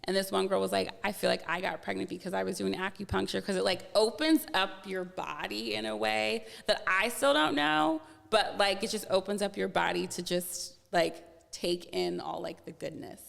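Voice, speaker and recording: A woman's voice: mid-range voice, moderate pace, vocal fry, few pauses, long reverb tail. A woman guest on a podcast, chatting candidly and acting out what others said to her, with lots of "like" fillers. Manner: animated, acts out quoted dialogue, many "like" fillers. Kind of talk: casual candid chat.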